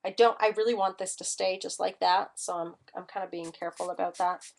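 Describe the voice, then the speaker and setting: A woman's voice: fairly low pitch, steady tone, fairly quick, creaky. A woman teaching a live-streamed mixed media art class, chatty and enthusiastic as she demonstrates. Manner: chatty and enthusiastic, gushing over colors.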